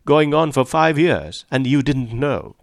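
A man's voice: mid-range voice, very animated, a little slow, gravelly, no room sound, studio quality, voice pushed up. A man reading a story aloud, voicing a polite, earnest young man who grows passionate.

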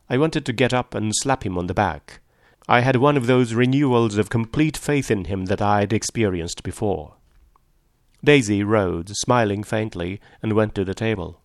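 Male audiobook narrator, measured, low-key, dry close sound. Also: vocal fry, dry recording.

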